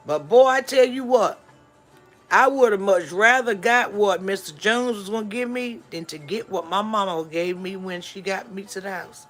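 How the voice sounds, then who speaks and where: Lady on a live stream spinning a story, bright tense voice, keeps restarting and acting out who said what. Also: medium pitch, normal speed, soft background music. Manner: animated storyteller who acts out dialogue; rambling, frequent restarts and asides. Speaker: livestream host.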